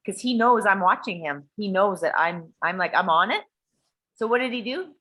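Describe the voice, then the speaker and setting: Woman, casual profane storyteller, bright forceful voice, animated delivery. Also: mid-range voice, moderate pace, rough recording. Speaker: guest sharing a personal story.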